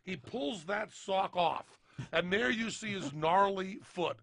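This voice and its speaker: A man's voice: high-pitched, lively intonation, slow, creaky, a bit bright, no room sound, clean studio sound. A man telling a rambling comic story on a podcast, acting out both sides of an imagined conversation. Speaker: podcast co-host.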